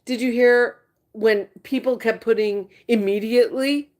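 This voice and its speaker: A woman's voice: a little high, steady tone, a little slow, a little mellow. A woman hosting a live stream, gossiping casually with her viewers. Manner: chatty, gossiping, exasperated asides. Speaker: livestream host chatting with viewers.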